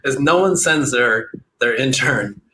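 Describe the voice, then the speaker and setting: A man chatting casually as an interview guest, relaxed and rambling with lots of "like" fillers. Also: medium pitch, a little slow. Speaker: guest, SEO entrepreneur. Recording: roomy echo with faint noise.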